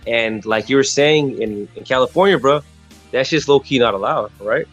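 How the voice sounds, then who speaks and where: A man's voice: mid-range voice, normal speed, a bit bright, soft background music. A man from Texas telling a story in casual, slangy podcast chat, rambling with frequent restarts.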